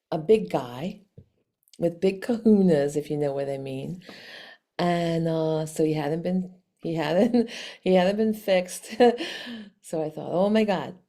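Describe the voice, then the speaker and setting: A woman telling a personal story to camera in a casual, animated way, with frequent restarts and laughs. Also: sits low. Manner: animated, chatty, many restarts, laughs often. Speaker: vlog host.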